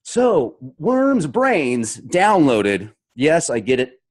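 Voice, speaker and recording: A middle-aged man hosts his own show and reads viewer comments aloud, then riffs on each one with jokey, mock-dramatic asides. His voice sits a touch high for a man. His pitch swoops and jumps a great deal as he clowns around. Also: wildly swooping pitch, very slow. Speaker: show host. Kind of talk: reading and riffing on viewer comments.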